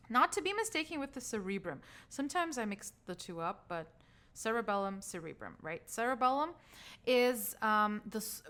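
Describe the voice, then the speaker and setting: A woman with as her gives a recorded course lecture on brain anatomy in a relaxed teaching voice. She talks in a casual, chatty way and laughs at her own slips. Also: on the high side. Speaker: trauma healing instructor.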